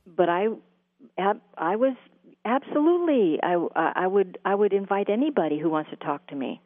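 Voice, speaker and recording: A woman interviewed as a guest, telling a long story about her spiritual channeling in a halting way, with many fillers and restarts. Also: lowish voice, dry recording. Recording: phone-like line with a dry sound.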